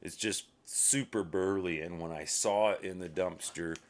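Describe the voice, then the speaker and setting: A man's voice: deep voice, measured pace. A man talking in a rambling casual monologue, wandering off track and muttering to himself as he goes. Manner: uses minced oaths. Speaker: solo streamer.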